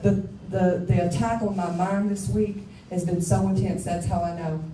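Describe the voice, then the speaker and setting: A woman's voice: lowish voice, fairly even intonation, moderate pace, mellow, a little hiss or hum. A woman giving a candid, emphatic personal testimony as a conference speaker, often laughing at herself. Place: conference hall. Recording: roomy hall, speaker far from mic.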